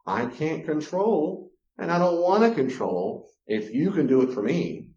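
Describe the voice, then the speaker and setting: Animated man teaching in a roomy echo. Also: fairly high pitch, measured pace. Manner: animated, acts out quoted voices. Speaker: counselor giving a talk on relationships. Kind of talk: lecture-style teaching. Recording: roomy, slightly dull sound.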